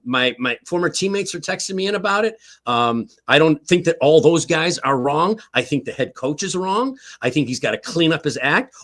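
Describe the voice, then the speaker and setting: A man's voice: on the high side, a bit bright. An older man giving heated, emphatic football commentary on a streamed talk show, repeating his points and tagging lines with "okay?". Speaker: guest analyst, former team staff. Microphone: online stream call.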